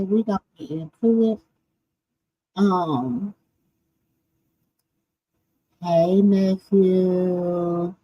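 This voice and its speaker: A woman's voice: mid-range voice, slight background noise. Tired woman hosting a late-night stream. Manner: greets viewers by name, drawn-out. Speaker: livestream host. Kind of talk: late-night live chat. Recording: dull lo-fi stream audio.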